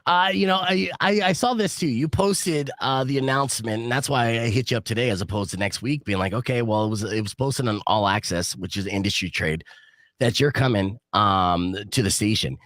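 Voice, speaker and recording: A man's voice: medium pitch, a little fast, a bit bright, no echo, studio quality. A man from New Jersey hosting a radio morning show podcast, talking in a brash, casual way and swearing freely.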